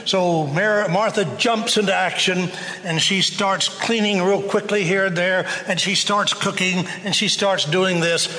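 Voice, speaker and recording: Slow, high-voiced male preacher in a hall. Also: fairly even intonation, sharp tone. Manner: slow, conversational storytelling with acted quotes. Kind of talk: sermon.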